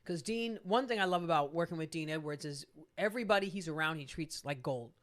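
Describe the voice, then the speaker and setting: Casting: woman host, lively casual storyteller, animated delivery, chatty and expressive. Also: low-pitched, a little fast. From New York. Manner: animated storyteller acting out salespeople. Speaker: podcast host.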